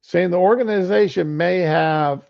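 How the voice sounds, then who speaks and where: A man's voice: high-pitched, unhurried, creaky, a little mellow. A middle-aged man giving casual political commentary on a livestream, rambling and conversational. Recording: lo-fi stream audio.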